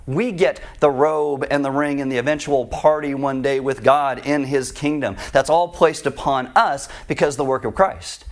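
Male preacher, fairly high voice, conversational, animated storyteller. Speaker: pastor. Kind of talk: sermon.

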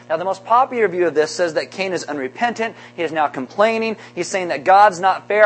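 A man's voice: sits high, a little fast, a little hiss or hum, poor audio. A man preaching a sermon to a congregation, conversational and wry, with joking asides between points. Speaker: pastor. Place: church sanctuary.

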